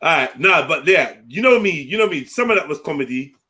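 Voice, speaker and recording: This is a young man whose voice sits a little on the high side. He hosts a casual livestream in a slangy, joking way. He swears freely and laughs often as he talks. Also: lively intonation, fairly quick, bright, forceful tone. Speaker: livestream host.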